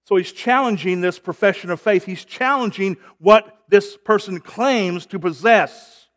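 A man's voice: sits high, measured pace, fairly bright tone. A man preaching a sermon as pastor, emphatic and rising in volume on key points.

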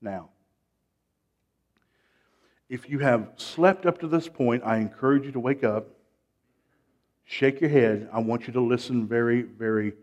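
A man preaching a sermon. He repeats his phrases, calls for amens and swings from hushed lines to loud, rising ones. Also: mid-range voice, dull audio.

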